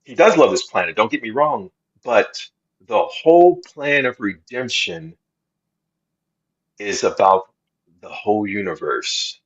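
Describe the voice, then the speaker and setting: Man, lower voice, husky, slow earnest Bible chat, dull lo-fi sound. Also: big pitch swings. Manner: slow, earnest preaching tone with many restarts. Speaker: co-host of faith podcast. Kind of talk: casual Bible discussion.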